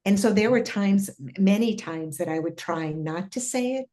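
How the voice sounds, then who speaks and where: A woman's voice: mid-range voice, moderate pace, warm tone. A middle-aged woman telling her spiritual experiences as an interview guest, earnest and full of fillers and restarts. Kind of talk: casual interview storytelling.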